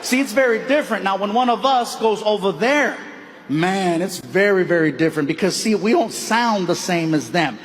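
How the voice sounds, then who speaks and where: A man's voice: sits high, lively intonation, normal speed. A male stand-up comedian from the United States, building jokes with emphatic repetition. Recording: stand-up stage, reverb and room noise.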